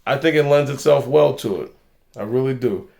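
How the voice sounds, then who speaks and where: Gravelly-voiced man rambling on a vlog. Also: mid-range voice, normal speed, a little mellow. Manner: loose, rambling, profane storyteller. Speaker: channel host. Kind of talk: casual vlog talk.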